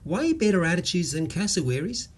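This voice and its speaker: A sunny, easygoing outback bloke with a broad Australian accent, as a man puts him on. He talks in a relaxed, chatty drawl, pitched noticeably above the storyteller's own husky voice, with a lively, swinging melody. It reads like a character in a comic audiobook. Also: a little fast. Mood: cheerful. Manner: laid-back drawl, chatty slang.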